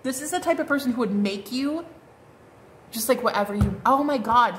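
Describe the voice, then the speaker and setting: A woman's voice: fairly high pitch, animated, normal speed, a little hiss or hum. A woman giving a casual tarot card reading, chatty and bubbly, full of fillers and exclamations. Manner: chatty, bubbly, lots of "like" and "oh my God".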